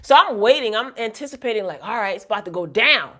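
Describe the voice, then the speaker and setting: A woman's voice: fairly high pitch, expressive, fast talker, bright, forceful tone, a little hiss or hum. Opinionated woman recapping a TV episode. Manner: opinionated, exasperated, chatty. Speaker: TV episode reviewer. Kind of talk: casual recap commentary.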